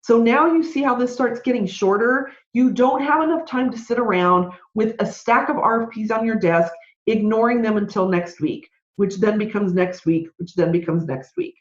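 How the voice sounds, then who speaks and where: A woman hosting a solo podcast, giving advice in a fast, ranting, conversational way. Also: a little high. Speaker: podcast host. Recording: roomy, dull lo-fi sound.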